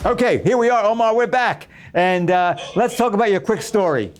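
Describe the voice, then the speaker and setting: A man's voice: high-pitched, lively intonation, normal speed, soft background music. A man hosting a talk show, speaking to viewers in an earnest, exhorting way and repeating phrases for emphasis. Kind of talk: preaching talk show host.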